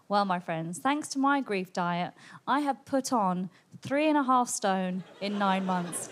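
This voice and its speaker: A woman's voice: mid-range voice, animated, a little slow, slight background noise. A woman doing brash stand-up, swearing and talking to the crowd. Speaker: stand-up comedian. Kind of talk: stand-up comedy.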